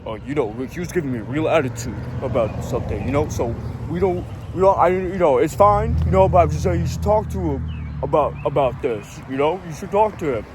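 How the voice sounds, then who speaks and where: A man mimicking a pushy, fake-friendly male airport security agent in a higher, louder, smug pestering voice. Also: brisk, noisy background, lightly acted.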